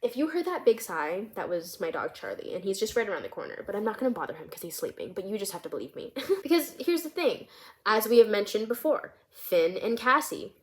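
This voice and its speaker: A woman's voice: medium pitch, very animated, a little fast. Bubbly young woman talking through a script. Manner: bubbly, giggly, lots of "like". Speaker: vlogger and screenwriter. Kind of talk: casual storytelling of her script.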